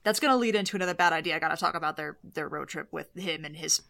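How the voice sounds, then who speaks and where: A woman's voice: sits low, racing, creaky, sharp tone. A woman co-hosting a podcast, talking through a movie in a casual, chatty way with many fillers. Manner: chatty, filler-heavy, explains at length. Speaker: podcast co-host.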